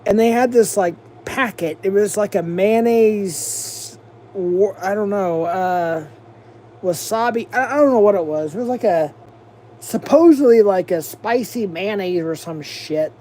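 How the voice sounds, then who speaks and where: Man from the US, livestream host, casual profane rant, rambling, mellow tone. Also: high-pitched, measured pace, a little hiss or hum. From United States.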